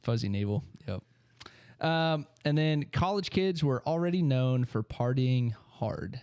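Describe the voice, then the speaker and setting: A man co-hosting a casual podcast, reading quick trivia facts with laughs. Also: mid-range voice, expressive, darkish tone, clear, resonant tone, dry recording. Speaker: podcast co-host.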